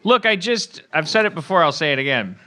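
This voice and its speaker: A man hosts a comedy podcast in a casual, exasperated rant. He trips over restarts as he builds his complaint. His voice is bright and forceful and sits a little high. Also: expressive, a little fast. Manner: exasperated ranting, stammering restarts. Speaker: podcast host.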